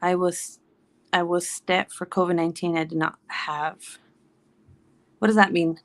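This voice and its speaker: A woman's voice: lowish voice, measured pace. Thirty-something woman rambling through a story to her viewers, lots of acted-out quotes. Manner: animated storytelling with laughs and quoted voices. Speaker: vlogger. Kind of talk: casual chat.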